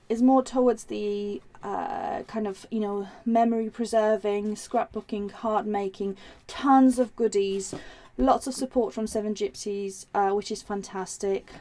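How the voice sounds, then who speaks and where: Her voice is on the high side with a dark tone. She hosts a live craft demonstration, rambling along with many ums and restarts while reading out viewer comments as she works.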